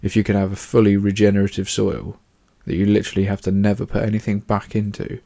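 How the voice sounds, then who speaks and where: A man's voice: on the low side, monotone, quick pace, vocal fry, mellow. A man hosting a casual solo podcast, chatty and rambling, swearing offhandedly and fighting off yawns. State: yawning. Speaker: podcast host.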